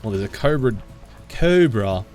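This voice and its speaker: Lively Australian man chatting on stream. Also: fairly low pitch, normal speed, soft background music. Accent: Australian, toned down. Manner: chatty, laughs often, answers chat. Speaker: game streamer. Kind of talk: casual live-stream chat.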